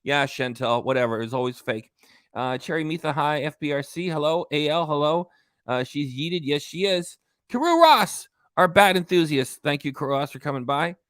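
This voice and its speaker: A man's voice: on the high side, fairly quick, a bit bright, no echo. Man, livestream host, rambling, lots of uhs, reads out comments, dry close sound. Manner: rambling, many uhs and restarts, reading out commenters.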